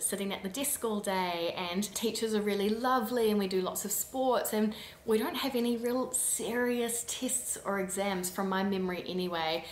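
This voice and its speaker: A woman's voice: medium pitch, roomy sound, a little hiss or hum. A woman from New Zealand with a New Zealand accent, hosting a casual vlog in a chatty, giggly way. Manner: chatty, giggly, acts out quotes. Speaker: vlogger host.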